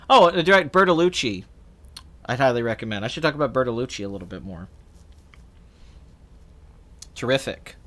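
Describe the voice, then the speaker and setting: A man's voice: mid-range voice, a bit bright. A man hosting a casual film livestream, answering chat in a rambling way with many restarts and fillers. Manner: earnest, talks at length about films. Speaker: film channel host answering live chat.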